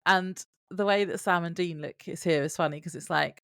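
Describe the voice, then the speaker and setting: A woman's voice: lowish voice, moderate pace, creaky, a bit bright, dry recording, clean studio sound. A woman co-hosting a podcast who laughs often and reads from her notes in casual chat. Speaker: podcast co-host.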